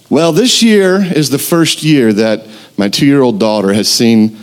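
A young man preaching a sermon as pastor, telling a story with lively acted-out quotes. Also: mid-range voice, a little slow. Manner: animated storytelling, acts out quotes.

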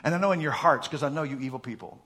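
A middle-aged man pastoring a church, telling folksy stories in a sermon that build to loud, emphatic preaching. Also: on the high side, rapid-fire.

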